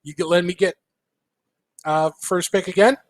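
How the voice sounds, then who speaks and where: A man co-hosting a live fighting-game show on a convention floor, giving measured predictions. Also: sits high, fairly even intonation. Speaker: co-host. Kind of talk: live event commentary, making predictions. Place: large indoor convention hall floor.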